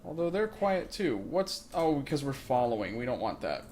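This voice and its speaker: A man's voice: medium pitch, big pitch swings, moderate pace, a little mellow, slight background noise. A man hosting a let's play, giving casual gameplay commentary with joking, rambling asides, recorded on a makeshift mic setup.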